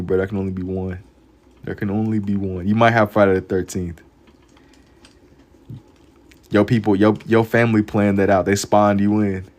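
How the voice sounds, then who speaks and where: A young man casually chatting with his live-stream viewers while drawing, laid-back and full of slang. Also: on the low side. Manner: laid-back slang-heavy banter, reads chat aloud.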